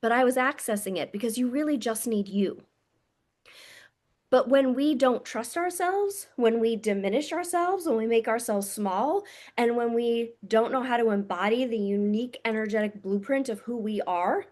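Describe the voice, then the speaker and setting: Woman coach talking to camera, kinda high voice, blunt and sweary, calls everyone "my loves". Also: moderate pace, a little mellow. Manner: frank and blunt, swears freely; intimate, addresses listeners as "my loves". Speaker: spiritual coach. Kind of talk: casual monologue to camera.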